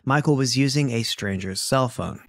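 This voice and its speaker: A man co-host narrating a true-crime story in a steady, even way. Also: mid-range voice, normal speed, no echo. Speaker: podcast co-host.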